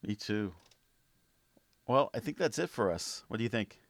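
Low-voiced laid-back podcast man. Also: lively intonation, normal speed, dry recording, studio quality. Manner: easygoing, laughs often, many fillers. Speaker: podcast co-host. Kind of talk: casual podcast chat.

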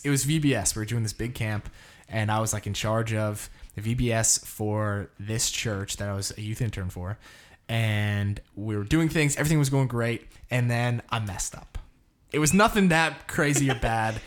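A man hosting a casual chat, telling a story with lots of laughter and acted-out quotes. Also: mid-range voice. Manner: animated, laughs often, acts out quotes.

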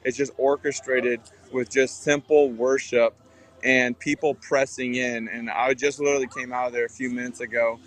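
A man giving a casual, relaxed report from outside an auditorium, with many fillers. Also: medium pitch, normal speed. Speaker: guest reporting on location. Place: outdoors by an auditorium.

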